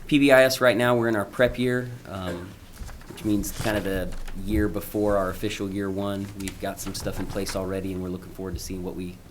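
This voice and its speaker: Deep-voiced man presenting at a meeting. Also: little pitch movement, slight background noise. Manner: informal, halting, with frequent ums and restarts. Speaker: school principal presenting to a school board. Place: school board meeting room.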